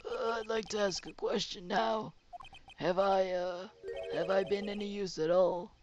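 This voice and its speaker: A woman's voice: mid-range voice, steady tone, a little slow, dull audio, a crowd in the background, lightly acted. A woman voicing a flustered, rambling old male witness in a game, stammering and pleading. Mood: hesitant. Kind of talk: let's play character voice.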